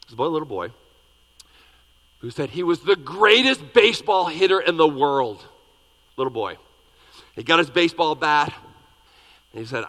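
Lively, bright-voiced preacher in a reverberant hall. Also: male voice, on the high side, moderate pace, pauses often. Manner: lively, dramatic reading with big swings in loudness. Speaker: pastor. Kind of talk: sermon.

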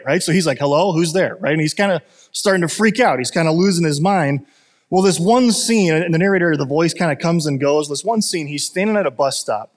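A man with a slightly higher voice preaching in a loose, conversational way, full of "uh"s and restarts as he tells stories. His voice rings out with a long reverb, as in a church hall. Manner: conversational, storytelling with many fillers. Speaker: pastor. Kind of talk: sermon.

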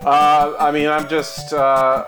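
A male podcast guest who speaks slowly and hesitantly, stumbling over his words with a self-deprecating air. Music plays clearly behind him. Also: on the high side, monotone. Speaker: guest screenwriter. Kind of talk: casual podcast chat.

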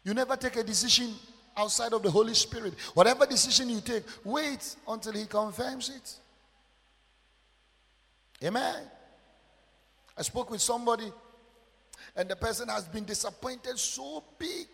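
A male pastor with a Ghanaian English accent, preaching emphatically and swinging from loud outbursts to quiet murmurs. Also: high voice, normal speed, pauses often, breathy edge. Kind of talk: sermon. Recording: long church hall reverb.

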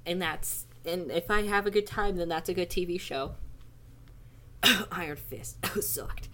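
Animated young woman groaning and laughing. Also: on the low side, takes it slowly, pauses often. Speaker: podcast co-host. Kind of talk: casual chat.

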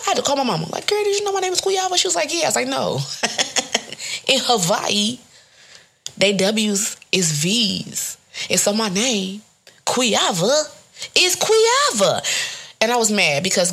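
Gravelly young woman podcast host. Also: mid-range voice. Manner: animated storytelling, swearing, laughing. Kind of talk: casual solo podcast talk.

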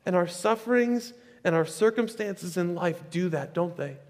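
A male pastor preaching a sermon in a conversational, animated way, with chatty asides. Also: high-pitched, normal speed. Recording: echoey hall with long reverb.

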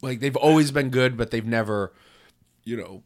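A man's voice: mid-range voice, moderate pace. A man co-hosting a casual comedy podcast, laughing often and rambling with restarts. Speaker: podcast co-host.

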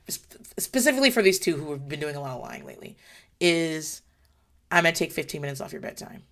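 A woman in her thirties, a parent giving blunt, frank advice in casual chat, with a voice that is wearing out. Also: low voice. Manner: blunt, frank, swears freely.

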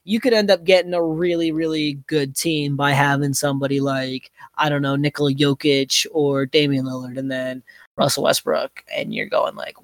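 A man's voice: a little high, fairly even intonation, normal speed, vocal fry, no room sound, studio quality. A man co-hosting a fantasy basketball podcast, talking casually and hesitantly with many filler words. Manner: hesitant, many likes and you-knows. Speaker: podcast co-host.

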